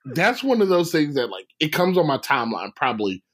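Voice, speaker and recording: A man in casual chat, laughing a lot and quoting sitcom lines with animated delivery. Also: on the high side, brisk, husky.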